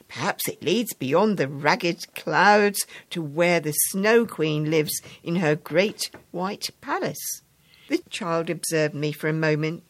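A woman reads a story aloud to an audience in a warm, measured way. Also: deep voice, no echo.

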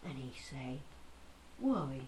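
A woman's voice: extremely low pitch, very animated, slow, darkish tone, distant mic, voice pushed down, exaggerated voice. A woman voicing a chatty old Norfolk countrywoman with a broad rustic accent, spinning jokey yarns. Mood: jolly yarning.

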